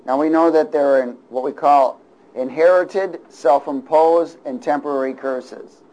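A man's voice: on the high side, unhurried, low-quality recording. Man preaching with call-and-response asides. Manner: chuckles between points, shifts from hushed to loud. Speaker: pastor. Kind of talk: sermon.

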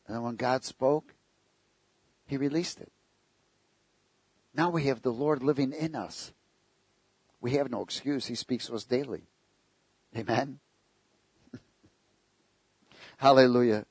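A man's voice: mid-range voice, husky, no echo. A man preaching a sermon, telling stories with jokes and asking the congregation rhetorical questions.

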